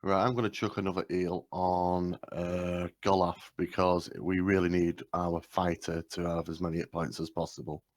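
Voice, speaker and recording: A man's voice: low voice, level tone, moderate pace, hardly any pauses, no echo, clean studio sound. A man playing a tabletop game over voice chat, announcing his moves in a plain, decisive way. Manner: plain-spoken, decisive turns. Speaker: player.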